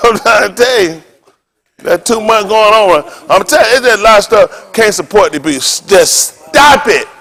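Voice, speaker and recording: A male pastor with a strikingly high speaking voice that swings widely up and down. He preaches in a rambling, joking way. He laughs often and bursts into loud exclamations. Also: expressive, moderate pace. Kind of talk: joking, rambling sermon talk.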